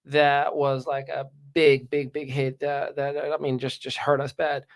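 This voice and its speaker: A man's voice: medium pitch, completely flat delivery, a little slow. A man in an interview, telling a family story in a candid, casual way and often repeating words as he goes. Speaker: interview guest, caterer.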